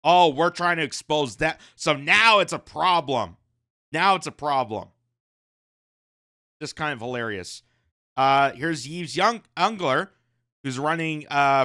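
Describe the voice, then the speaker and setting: A man with a fairly high, bright, smooth voice delivers casual news commentary. He keeps a sarcastic edge and slips into mocking voices of the people he criticizes. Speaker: commentary host.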